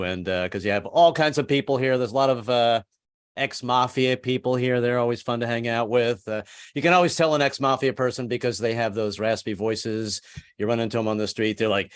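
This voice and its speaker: A man's voice: medium pitch, no room sound, clean studio sound. A man in his seventies performs a stand-up set over a video call from home. He rambles through self-deprecating jokes in a medium voice. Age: 70s. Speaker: stand-up comedian.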